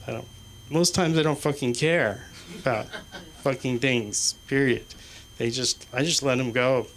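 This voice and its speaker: A man performing stand-up in a small comedy club, his delivery halting and rambling, with a swear word every few phrases. Faint room noise sits under his voice. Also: medium pitch, fairly bright tone. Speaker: stand-up comic. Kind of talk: stand-up set.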